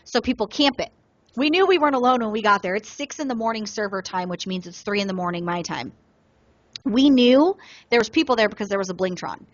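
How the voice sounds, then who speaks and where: Woman, podcast co-host, animated storyteller, mid pitch, dry and slightly muffled recording. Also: fairly quick, no room sound. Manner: animated storyteller, acts out other players in quotes. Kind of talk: casual gaming podcast storytelling.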